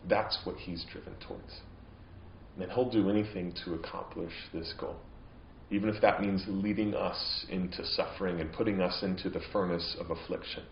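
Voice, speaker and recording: A man's voice: low voice, fairly even intonation, moderate pace, creaky, echoey room, muffled recording, slight background noise. A man preaching a sermon as pastor, earnest and growing impassioned at times. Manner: earnest preaching, voice rising into emphatic, impassioned stretches. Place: church.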